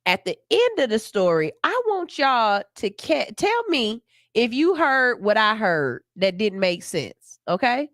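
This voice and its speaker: Outraged, animated woman radio host. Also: a little high, measured pace, no echo, studio quality. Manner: outraged, animated ranting with profanity. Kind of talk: morning radio commentary and news reading. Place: radio studio.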